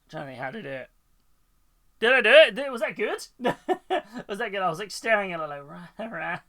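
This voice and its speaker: A British man talking casually to his live-stream audience. His voice is bright and sits a little high. He rambles cheerfully and laughs often. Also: big pitch swings, quick pace. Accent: British English. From United Kingdom. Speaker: Twitch streamer painting miniatures.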